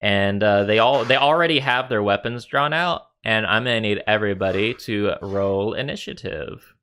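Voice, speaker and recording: A man's voice: fairly low pitch, moderate pace, fairly bright tone, clear, resonant tone. A man narrating as game master in a casual, rambling way with many fillers. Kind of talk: narrating a tabletop game over voice chat.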